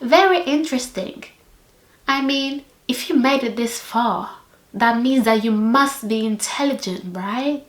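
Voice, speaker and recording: Brief: woman impersonating a mocking male lecturer, shrill and theatrical, in an echoey room. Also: a little slow, lightly acted. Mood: condescending. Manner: sneering, sing-song mockery. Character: condescending mocking male university supervisor.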